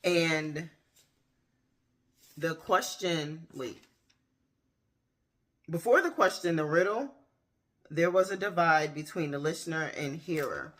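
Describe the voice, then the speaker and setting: A woman in her thirties giving a candid personal faith testimony, talking straight to her viewers with pauses and restarts. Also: sits low, fairly bright tone. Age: 30s. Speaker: faith vlogger. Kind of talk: personal faith testimony, casual talk to camera.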